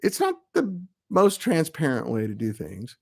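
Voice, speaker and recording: A man's voice: on the high side, huge pitch swings, measured pace, vocal fry, music in the background. A middle-aged man, an amp builder, chatting casually and rambling with self-mocking asides while hosting his live web show. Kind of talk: casual live-stream chat.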